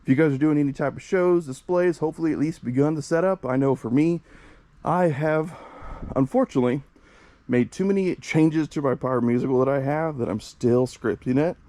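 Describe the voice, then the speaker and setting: A man's voice: on the high side, a little fast, warm tone, no room sound. A young man from the Midwest US hosting a casual fireworks vlog outdoors, a bit out of breath and chatty with many fillers. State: out of breath from the heat. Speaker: fireworks channel host. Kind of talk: casual vlog showing products. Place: outdoors by a storage shed.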